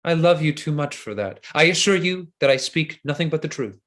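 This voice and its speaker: With a fairly high voice and a fairly quick pace, a man reads the role of an insincere, flattering nobleman whose seductions come as flowery, ardent declarations. The play reading takes place over a video call.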